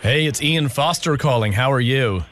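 A man's voice: very high-pitched, animated, normal speed, bright, forceful tone, a little hiss or hum, voice pushed up, full character voice. A man putting on an exaggerated fake American accent for a prank call, stretching his R's. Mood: chummy. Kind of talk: prank call comedy bit.

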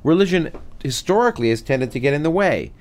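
A middle-aged male physicist and author being interviewed, talking with animated enthusiasm and many restarts. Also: on the high side, fast talker. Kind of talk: conversational interview, reading aloud from his book.

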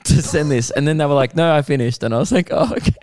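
A man co-hosting a podcast, reading listener messages aloud in a relaxed way with sighs and laughs. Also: fairly high pitch, quick pace, no room sound, clean studio sound. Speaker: podcast co-host.

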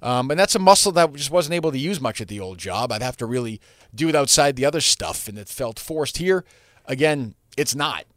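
A man's voice: mid-range voice, animated, a little fast, fairly bright tone, no echo, clean studio sound. A man hosting his own podcast, talking alone in a rambling, blunt style with frequent restarts and some profanity. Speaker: podcast host. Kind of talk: solo podcast monologue.

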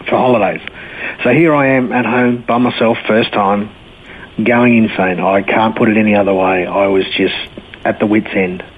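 A man giving a candid personal testimony as an interview guest, telling his story in a blokey way with frequent restarts. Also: fairly low pitch. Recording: tinny phone-like line with faint hiss.

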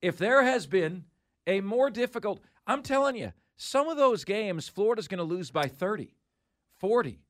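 A man's voice: high-pitched, big pitch swings, normal speed, a bit bright. A man hosting a sports talk show, emphatically rattling off schedules with mock disbelief.

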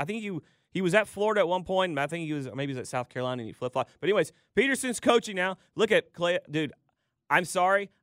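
A man co-hosting a morning sports radio show, talking casually and getting excited about players. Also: fairly high pitch, no room sound, clean studio sound.

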